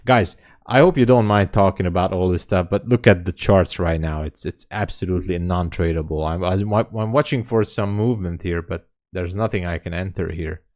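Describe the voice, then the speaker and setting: Deep voiced hungarian guy on a trading livestream, chatty, laughs a lot. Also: moderate pace, hardly any pauses, darkish tone. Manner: chatty, laughs often, answers viewer comments. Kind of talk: casual livestream chat. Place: home.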